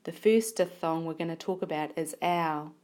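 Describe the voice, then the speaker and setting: A woman teacher giving a phonics lesson, sounding out words slowly and carefully. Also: low-pitched, darkish tone. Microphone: tablet recording.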